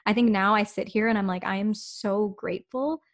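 A woman's voice: medium pitch, fairly quick. A young woman co-hosting a podcast, speaking candidly and reflectively with frequent "like" fillers. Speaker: podcast co-host. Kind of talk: casual podcast chat.

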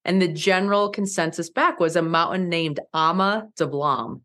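A woman in her forties telling her story as an interview guest, lively and laughing often, acting out quoted lines with big jumps in pitch. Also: normal speed. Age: 40s. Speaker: guest, mountaineer and speaker.

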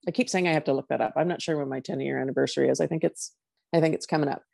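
A woman's voice: low-pitched, steady tone, rapid-fire, creaky, a little mellow, no echo, studio quality. A middle-aged woman, a coach, telling a personal story candidly and acting out her own inner dialogue.

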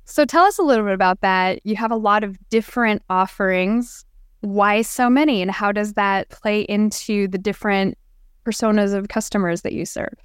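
Woman, podcast host; smooth voice, curious and affirming, dry close mic. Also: medium pitch, moderate pace, no room sound. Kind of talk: business podcast interview.

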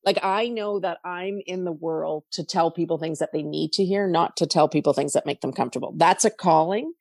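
A woman's voice: on the low side, brisk, dry recording, clean studio sound. A middle-aged woman from Canada, a podcast guest, talking casually and emotionally as she tells stories. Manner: emotional, animated storytelling. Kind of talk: casual interview talk.

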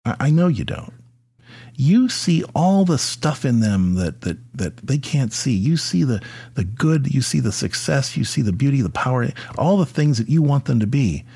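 A man's voice: mid-range voice, expressive, normal speed, creaky, mellow, slightly rough. A middle-aged man hosting a podcast, speaking to fathers about faith in a conversational way with frequent fillers and restarts. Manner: conversational, with many fillers and repeated words. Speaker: podcast host. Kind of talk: faith talk addressed to fathers.

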